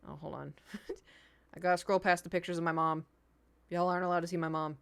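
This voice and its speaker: A woman's voice: fairly low pitch, fairly even intonation, fairly quick, gravelly, fairly bright tone. A young adult woman streaming, chatting casually with her viewers, rambling and laughing often.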